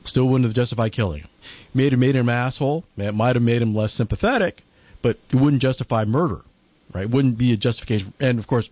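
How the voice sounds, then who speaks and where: A man's voice: medium pitch, fast talker, no room sound. A man chatting casually as a podcast co-host, retelling events and acting out quotes in mocking voices. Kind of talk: casual commentary chat. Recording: lo-fi muffled audio.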